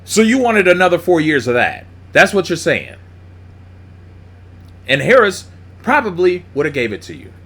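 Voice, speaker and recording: Blunt, animated man ranting. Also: fairly high pitch. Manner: blunt, profane, mocking. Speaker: commentator. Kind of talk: opinionated monologue.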